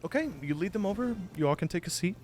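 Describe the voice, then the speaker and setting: A man's voice: high voice, fast, soft background music. Guy running a tabletop game, loose and sweary, voice all over the place. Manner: animated, casual and profane. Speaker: game master.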